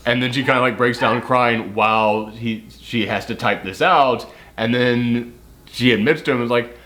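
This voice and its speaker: A man talks casually through a film review, rambling and leaning on fillers. His voice sits at an ordinary middle pitch. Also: moderate pace, fairly bright tone. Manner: chatty, rambling with many fillers.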